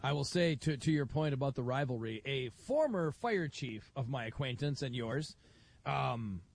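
A middle-aged man hosting a live radio talk show, telling stories in a lively way and acting out other people's voices. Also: medium pitch, normal speed, vocal fry. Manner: animated storyteller, acts out voices. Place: outdoor broadcast booth at a county fair.

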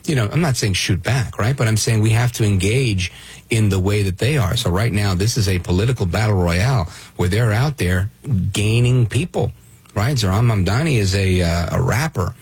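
Brief: male radio host from Brooklyn, low gravelly husky voice, dry studio sound, emphatic. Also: animated, moderate pace, a little mellow, dry recording. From Brooklyn, New York. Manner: emphatic, restarts and rhetorical "right?". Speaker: radio talk show host. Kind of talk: call-in talk radio.

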